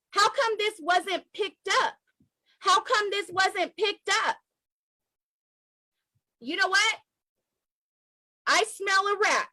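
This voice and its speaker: A woman's voice: very high-pitched, pushed and bright, no room sound, low-quality recording. An American woman giving an impassioned, emotional political address straight to the camera, emphatic and repeating lines for force. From United States. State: emotional, near tears. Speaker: activist vlogger.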